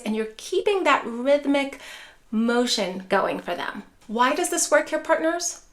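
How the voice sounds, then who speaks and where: Soothing woman teaching dementia caregiving. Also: fairly high pitch. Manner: soft, soothing, repeats "care partners", drops to a gentle hush for example phrases. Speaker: neuropsychologist and dementia care educator. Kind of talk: instructional video talk.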